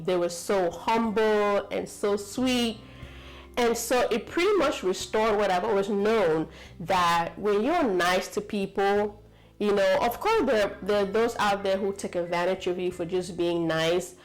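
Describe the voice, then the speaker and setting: A woman's voice: medium pitch, rough recording. Chatty American woman vlogger. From United States. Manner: chatty, rambling, with many fillers and asides. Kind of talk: casual storytelling to camera.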